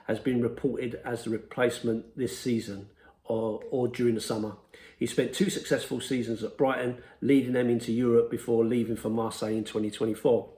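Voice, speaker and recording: A man hosting a daily fan podcast, reading out football news headlines and reports in a steady, scripted way. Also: medium pitch, echoey room. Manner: steady read-aloud delivery.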